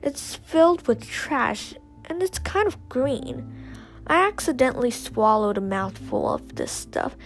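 A woman's voice: high-pitched, very animated, measured pace, soft background music. A woman reading a first-person adventure story aloud, carefully, with small slips and restarts. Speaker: story reader.

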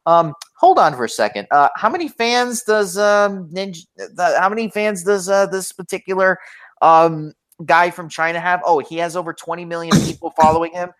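A man's voice: fairly high pitch, moderate pace, a bit bright. A man from Florida chatting casually on a podcast, rambling with many fillers and restarts. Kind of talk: casual chat.

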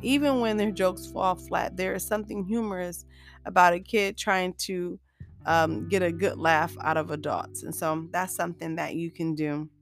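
Upbeat woman podcaster with vocal fry. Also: lowish voice, steady tone, normal speed, faint music behind. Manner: upbeat, chatty, laughs often while talking; addresses listeners warmly as "you guys". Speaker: podcast host. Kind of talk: solo motivational podcast monologue.

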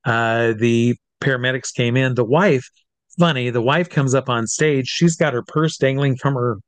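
Brief: middle-aged male showman recounting a story with lively acted asides, mid-range voice, dry recording. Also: mid-range voice, normal speed, no room sound. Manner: animated, acts out voices in his stories. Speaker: comedy stage hypnotist. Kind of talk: storytelling in an interview.

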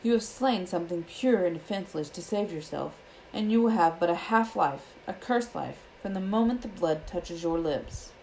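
A woman reading aloud voices a young male centaur who speaks in a grave, measured way. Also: fairly low pitch, lively intonation, gravelly, darkish tone, a little hiss or hum, poor audio.

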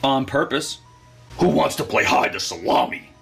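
A sleazy, brash con man, played by a man, who fakes being an exorcist. His delivery is cocky and crude with a lively, swinging pitch. Faint music sits behind him. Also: normal speed, gravelly, breathy edge, exaggerated voice.

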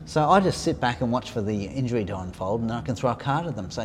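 A man's voice: medium pitch, lively intonation, fast talker, a little hiss or hum. A man hosting a casual chat, often agreeing and restarting his sentences. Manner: chatty, frequent agreeing interjections, stammering restarts.

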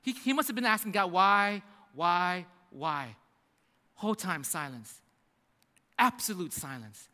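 A man preaching a sermon as a pastor, telling the story with animated acting-out of the characters. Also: high-pitched, moderate pace. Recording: reverberant hall.

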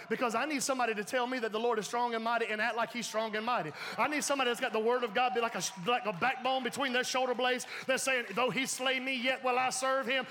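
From the pulpit of a reverberant church sanctuary, a pastor with an extremely high-pitched voice preaches animatedly and laughs frequently.

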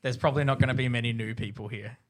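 A young Australian man hosting a casual movie podcast, relaxed and laughing easily. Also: mid-range voice, rapid-fire. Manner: relaxed, laughs easily, restarts mid-sentence. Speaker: podcast host.

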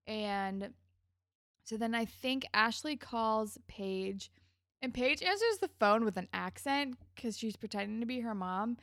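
A woman's voice: mid-range voice, unhurried, fairly bright tone, no room sound, clean studio sound. A woman co-hosting a casual TV recap podcast, chatty and giggly, acting out characters' lines as she retells scenes. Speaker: podcast co-host.

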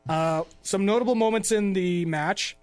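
This man talks in a notably high voice, easygoing and rambling as he recaps things for his podcast. He laughs often and keeps it loose and conversational. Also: moderate pace, faint music behind. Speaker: podcast host. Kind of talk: casual chat recapping wrestling.

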